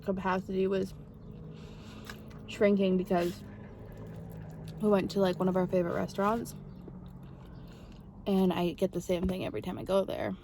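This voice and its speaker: A woman's voice: medium pitch, warm tone, slight background noise. A young woman in a casual vlog, chatting to viewers while eating through a big meal, rambling and easygoing. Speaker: mukbang vlogger. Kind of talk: casual eating chat to camera.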